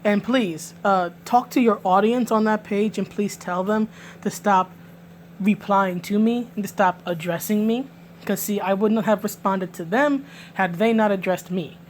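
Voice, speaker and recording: A woman's voice: mid-range voice, a little slow, slight background noise. A woman from New York City with a New York accent, giving emphatic, indignant vlog commentary and often restarting her words. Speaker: vlogger. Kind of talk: direct-to-camera commentary.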